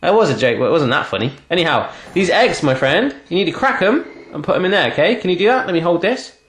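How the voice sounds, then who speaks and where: A man's voice: a little high, lively intonation, quick pace, a bit bright, slight background noise. Playful man in a roomy kitchen. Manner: playful, teasing, chatty. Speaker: cooking show host. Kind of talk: casual cooking demonstration with a child. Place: home kitchen.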